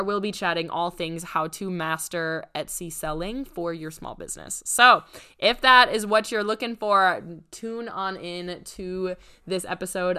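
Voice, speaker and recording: A woman hosts her podcast while sick, her voice hoarse and stuffy through the nose. She still sounds bright and clear, upbeat and emphatic in casual chat. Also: medium pitch. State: hoarse and congested from illness. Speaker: podcast host.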